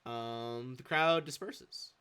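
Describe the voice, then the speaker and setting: A man's voice: mid-range voice, takes it slowly, music in the background. A man running a tabletop game as game master, narrating loosely with a lot of swearing. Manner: loose, swears, lots of fillers.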